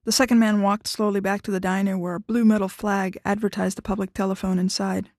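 A woman reading a fiction story aloud in a steady, measured narration. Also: mid-range voice, no echo, studio quality. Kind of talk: scripted narration.

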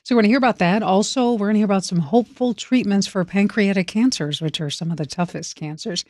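Brisk woman previewing the news, dry sound. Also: mid-range voice, a little mellow, dry recording. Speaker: radio news presenter. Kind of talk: casual preview of upcoming news.

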